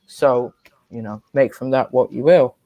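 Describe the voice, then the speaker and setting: A woman's voice: rumbling low, measured pace, dry recording, lo-fi sound. Earnest Irish woman panelist. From Ireland. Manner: earnest, explains at length with fillers. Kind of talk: casual live panel chat.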